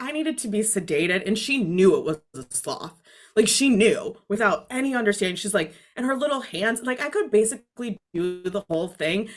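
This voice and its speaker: A woman who works as a spiritual teacher, a guest on a podcast, talking in a chatty, animated way with many fillers. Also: medium pitch. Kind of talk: casual podcast conversation.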